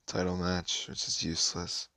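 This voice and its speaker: A man's voice: low voice, monotone, moderate pace, creaky, sharp tone, dry recording, studio quality. A man giving offhand, casual running commentary while playing a mobile game, muttering his thoughts as he goes.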